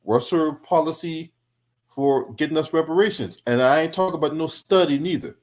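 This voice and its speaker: A man's voice: a little high, moderate pace, a little mellow. Angry, profane man in heated commentary. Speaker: political commentary streamer.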